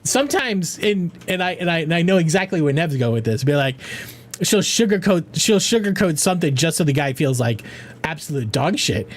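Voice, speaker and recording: A man's voice: fairly high pitch, expressive, a little fast. A middle-aged man hosting a casual charity game livestream, talking loosely and profanely, often restarting his sentences. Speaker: charity gaming streamer.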